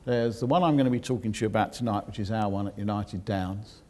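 A geoscientist giving a public lecture, explaining technical details with dry asides to the audience. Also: male voice, lowish voice, fast talker, warm tone.

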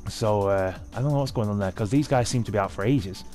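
A young man giving excitable, sweary live commentary over his own hockey video game match. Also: on the low side, quick pace, soft background music. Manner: sweary, excitable, talking at the screen. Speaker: gaming video host.

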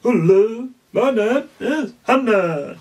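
A man voicing a small, eager hand puppet in a high, sing-song voice. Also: lively intonation, slow, heavily acted. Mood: cheerful.

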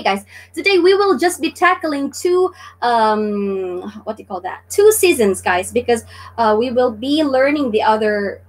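A woman from the Philippines hosting a casual live-streamed Japanese lesson, chatty and full of fillers. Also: on the high side. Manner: chatty, many fillers and "guys".

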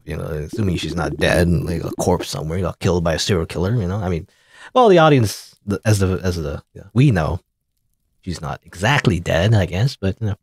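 A man's voice: low-pitched, lively intonation, fairly quick, slightly rough, no echo. A man casually commenting on a story game as he plays, wry and rambling, with plenty of hesitations. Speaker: let's play host.

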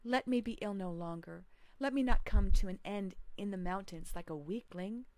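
A woman's voice: mid-range voice, normal speed, dark tone, no room sound, close to an everyday voice. A woman reading the part of a sick, lost young male hero who solemnly pleads with the gods in prayer. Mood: pleading prayer.

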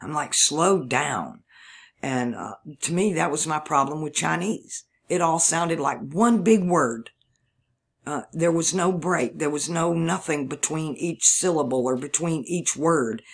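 A video channel host from Mississippi with a Southern drawl rambles through a solo monologue, thinking aloud and spelling words out letter by letter. His voice is a little high and a little slow, with vocal fry and a breathy edge.

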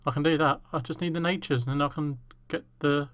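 A gaming YouTuber, a man, trembling with excitement and repeating himself, swearing in overjoyed gameplay commentary. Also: a little high, fairly quick, dry recording.

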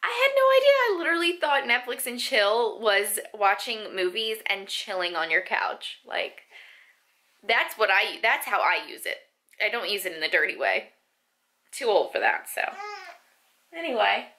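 A woman's voice: mid-range voice, very animated, moderate pace, pushed and bright, rough recording. A woman in her twenties chatting casually to camera at home in a vlog, filling her talk with "like" and "um". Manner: chatty, filler-heavy, says "like" a lot. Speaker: lifestyle vlogger and young mother.

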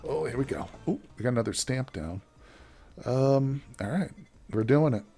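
A man's voice: mid-range voice, animated, normal speed, gravelly, mellow, faint music behind. A man giving casual, chatty gameplay commentary as a let's play host, joking with his viewers as he plays.

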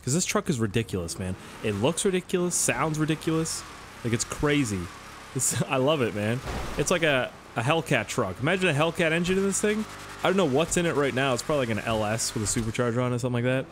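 A man's voice: mid-range voice, expressive, a little fast, slight background noise. A young Canadian man with a Canadian accent giving rambling, joking gameplay commentary and swearing often. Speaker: gaming YouTuber.

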